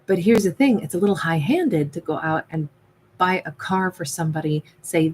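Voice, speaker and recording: A woman's voice: fairly low pitch, moderate pace, darkish tone, breathy edge, poor audio. A woman giving a casual tarot reading, talking loosely and acting out what other people might say. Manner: chatty, acts out quoted lines. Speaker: tarot reader.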